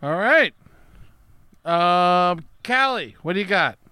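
A man hosting a casual comedy podcast from home, upbeat and quick to laugh. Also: high-pitched, animated, sharp tone, smooth, no echo. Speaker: podcast host. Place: home setup during lockdown.

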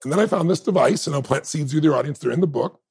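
A man's voice: a little high, expressive, racing, darkish tone. A man in his fifties, a podcast guest, telling a personal story with energy, acting out quoted dialogue and laughing often. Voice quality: gravelly, husky. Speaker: interview guest. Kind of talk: animated storytelling in conversation.

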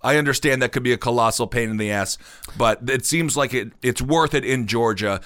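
A man's voice: mid-range voice, a little fast, a bit bright, clean tone. A man in his thirties co-hosting a podcast, chatting casually about politics with sarcastic jokes. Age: 30s. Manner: joking, sarcastic asides. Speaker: podcast co-host.

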